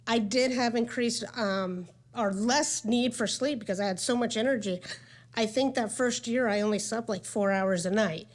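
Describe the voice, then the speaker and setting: Woman in her forties, conference speaker sharing a personal story, candid and chatty, mid-pitched voice. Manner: candid and conversational, with many "um" and "like". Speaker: patient speaker at a medical conference. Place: conference session room.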